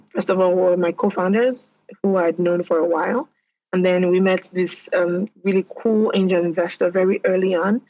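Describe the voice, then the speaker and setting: Woman from Nigeria, podcast guest, middle pitch, measured and reflective. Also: rough recording. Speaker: guest entrepreneur. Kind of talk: casual conversational interview.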